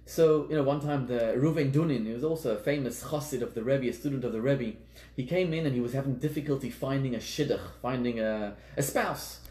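A man's voice: medium pitch, a little fast, darkish tone. A man teaching as a rabbi, giving an earnest lecture and repeating words for emphasis. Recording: echoey room.

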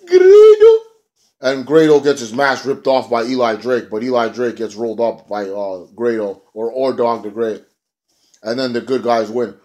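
A man giving a casual, rambling review of a wrestling show, excitable and profane. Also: medium pitch, normal speed.

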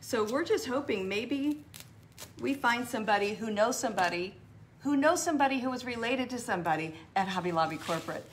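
A woman's voice: on the high side, lively intonation, brisk, a little hiss or hum. A woman hosting a live craft tutorial, chatting and rambling as she answers viewers by name.

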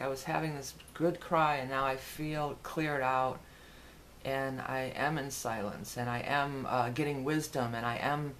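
A woman's voice: deep voice, slight background noise. A woman giving a casual, rambling tarot forecast, with frequent fillers and restarts. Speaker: tarot reader.

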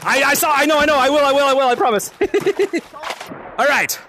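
A man hosting a virtual reality game lobby on a live stream, shouting callouts, repeating himself and laughing often as he plays at home. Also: very high voice, a little fast, slight background noise. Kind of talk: excited live gameplay commentary. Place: at home playing in VR.

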